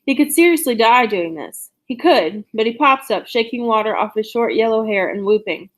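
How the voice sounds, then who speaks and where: A woman with a fairly high voice reads a novel aloud, narrating steadily and without hurry in a plain first-person storytelling style.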